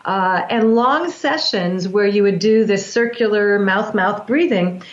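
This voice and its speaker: A woman's voice: medium pitch, measured pace, muffled recording. Woman explaining breath work, roomy sound. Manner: earnest, flowing explanations with restarts. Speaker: guest, breath work practitioner. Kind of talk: explanatory interview talk.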